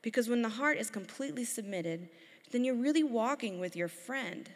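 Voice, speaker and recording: A woman in her thirties preaching a sermon, telling lively stories and acting out her children's voices. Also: on the high side, moderate pace. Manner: lively storytelling, acts out her kids' voices. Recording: long hall reverb.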